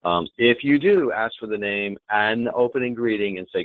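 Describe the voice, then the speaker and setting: A man presenting a hospitality training webinar, demonstrative and lively, often checking in with the audience. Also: lowish voice, normal speed, hardly any pauses, no room sound. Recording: tinny phone-like webinar audio.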